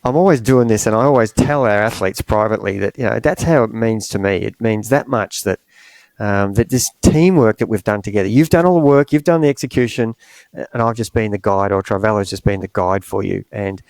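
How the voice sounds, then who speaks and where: A middle-aged man, a coach and podcast host, talking in a halting, emotional way with many pauses and fillers. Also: on the low side, darkish tone, no echo. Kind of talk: podcast conversation.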